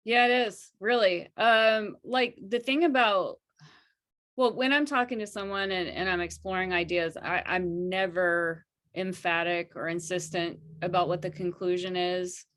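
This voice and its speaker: Soft-spoken reflective woman. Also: on the low side, fairly even intonation, unhurried. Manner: soft, reflective, exploring ideas. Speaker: interview guest, coach. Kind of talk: casual conversation.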